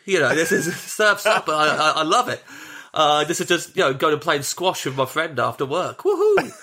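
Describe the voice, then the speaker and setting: A man's voice: fairly high pitch, moderate pace, pushed and bright, slight background noise. A man, a comedian on a podcast, chatting animatedly and acting out his own thoughts as he rambles. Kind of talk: casual chat.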